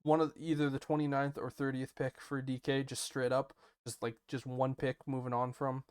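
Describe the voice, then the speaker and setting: A man co-hosting a casual sports podcast, animated and quick to ask questions. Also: medium pitch, clean tone, no room sound. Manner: animated, self-interrupting, asks questions. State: hiccuping. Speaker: podcast co-host.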